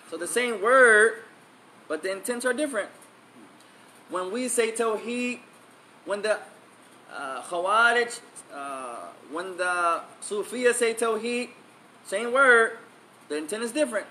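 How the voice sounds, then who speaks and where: A man's voice: sits high, bright, forceful tone. Male religious teacher, emphatic and repetitive, faint background noise. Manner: emphatic, repeats key phrases; switches between English and Arabic recitation. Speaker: Islamic teacher. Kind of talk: religious lesson.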